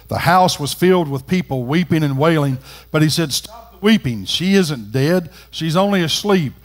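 A middle-aged man with a drawl preaching in church, his voice sitting a little high for a man. He talks folksy and plain, then climbs louder and higher as he drives a point home. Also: animated, moderate pace. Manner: folksy, swings from quiet to loud and rising. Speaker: pastor. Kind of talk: sermon. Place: church sanctuary.

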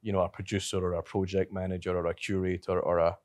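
A man's voice: low voice, level tone, fast, darkish tone, no echo, studio quality. Thoughtful man with a strong brogue. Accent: strong brogue, not New Zealand. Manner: thoughtful, rambling, self-correcting. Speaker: podcast co-host and festival director. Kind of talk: casual podcast chat.

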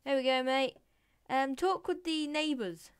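Woman, casual gameplay commentary, playful and chatty, slightly high voice, faint background hiss. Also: a little slow. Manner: playful, chatty, talks to in-game animals, drops to whispered asides. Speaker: Let's Play gamer.

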